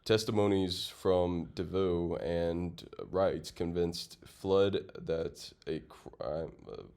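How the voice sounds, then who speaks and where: Low-voiced guy reading slowly on a chill podcast, trips on words, laughs a lot. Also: steady tone, a little mellow, clear, resonant tone. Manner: stumbles over words while reading; laughs often, swears casually. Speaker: podcast co-host. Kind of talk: casual chat, reading aloud.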